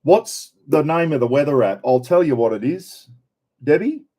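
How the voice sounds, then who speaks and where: A man's voice: fairly high pitch, animated, normal speed, dark tone. An older Australian man hosting a casual live stream, chatting and greeting viewers by name.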